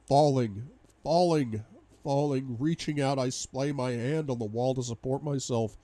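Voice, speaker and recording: A man reading a novel aloud in first person, dramatic, moving between hushed despair and loud outbursts. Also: medium pitch, normal speed, few pauses. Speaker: audiobook reader.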